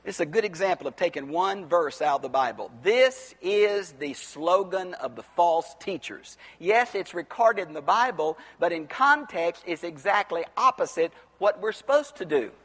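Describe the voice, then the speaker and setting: A man preaching an expository Bible sermon, teaching from the text and rising to near-shouts on his rhetorical questions. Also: sits high, lively intonation, normal speed, few pauses, slightly rough, long reverb tail.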